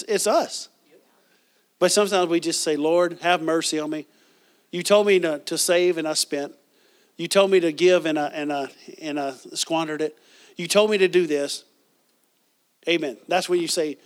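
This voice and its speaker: A man preaching a sermon as pastor, reading scripture and asking the congregation questions, with frequent restarts. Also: on the high side.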